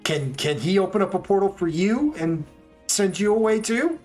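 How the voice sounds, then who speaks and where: A woman's voice: mid-range voice, big pitch swings, normal speed, a little mellow, faint music behind, pitched above the performer's own voice, natural voice. A man putting on a vain, fussy drow liaison woman. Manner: prim, flustered, overly formal.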